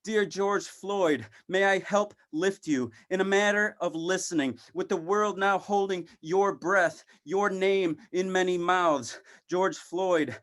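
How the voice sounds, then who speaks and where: A poet giving a poetry reading, speaking in short, halting phrases broken by pauses and repeating words like a refrain. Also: male voice, sits high, a bit bright.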